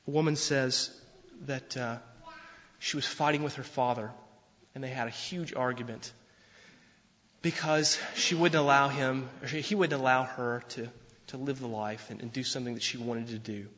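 A man's voice: medium pitch, steady tone, fairly bright tone. A preaching man in a reverberant hall. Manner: earnest preaching, slows and swells for emphasis. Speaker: pastor. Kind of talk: sermon. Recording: dull sound with long hall reverb.

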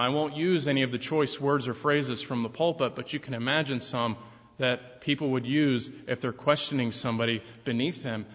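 A man preaching a sermon from the pulpit, building to forceful, louder emphasis on his key points and easing back down between them. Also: medium pitch. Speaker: pastor. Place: church sanctuary. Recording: long reverb, dull lo-fi sound.

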